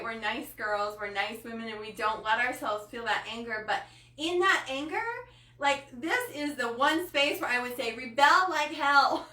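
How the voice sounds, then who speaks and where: A woman with a bright, fairly high voice speaks passionately to her live-stream viewers, often close to tears and full of fillers. The sound is roomy and comes from slightly off the mic. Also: recorded from a distance. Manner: passionate and emotional, with many fillers. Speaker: coach hosting a live body-image training.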